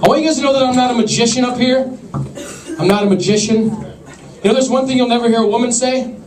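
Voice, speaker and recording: A young man doing a stand-up comedy set with an awkward, deadpan, self-deprecating delivery to a laughing crowd. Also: extremely high pitch, fast talker. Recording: echoey club from far off.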